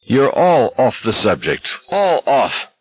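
A male reader voicing a bitter young man who croaks and blares crude rants in a shrill voice. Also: wildly swooping pitch, slow pace, dry recording, lo-fi sound, full character voice. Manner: harsh, blaring, crude.

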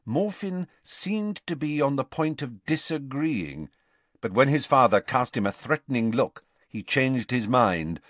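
A man narrating an audiobook in a measured, expressive storytelling voice. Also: fairly low pitch, dry recording. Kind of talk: scripted narration.

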